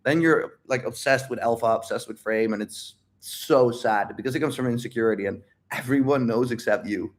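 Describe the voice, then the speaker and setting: A man's voice: medium pitch, moderate pace. A man with a mid-range voice holds a casual livestream Q&A as a dating coach. He talks bluntly and animatedly, repeating his points and swearing freely. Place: home livestream.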